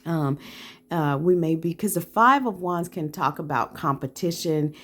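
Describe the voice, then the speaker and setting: A woman giving a calm, reflective pick-a-card tarot reading, often checking in with the listener with a soft "right?". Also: deep voice, measured pace. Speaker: tarot reader hosting a channel.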